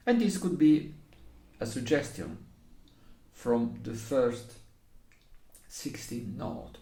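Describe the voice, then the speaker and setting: Slow-talking Italian man explaining music. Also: medium pitch, sing-song, vocal fry, noisy background. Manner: non-native English, hesitant, sings phrases with syllables. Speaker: recorder teacher. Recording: echoey room.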